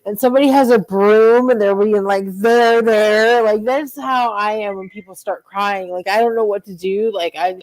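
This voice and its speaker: A woman's voice: mid-range voice, fairly even intonation, moderate pace, few pauses, a little mellow, no room sound, low-quality recording. A woman guest on a talk show who speaks hesitantly and giggles, including in a breakup role-play.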